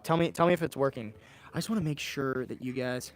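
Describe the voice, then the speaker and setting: A man's voice: medium pitch, fast talker, roomy sound. A man co-hosting a company livestream, chatting loosely with viewers and joking with his co-host. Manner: loose, joking, talks to chat, says dude. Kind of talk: casual livestream chat.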